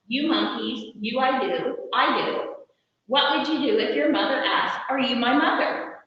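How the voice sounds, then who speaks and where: A woman voicing a bouncy, excitable male frog in a storybook read-aloud, talking in a rambling, high-spirited way. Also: unhurried, lightly acted. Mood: excited. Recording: echoey hall, far, dull.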